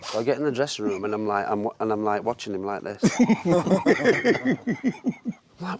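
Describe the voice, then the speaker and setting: A man's voice: on the low side, big pitch swings, a little slow, long pauses, noisy background. A man, a former goalkeeper, telling football stories with frequent laughter. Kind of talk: anecdotal storytelling.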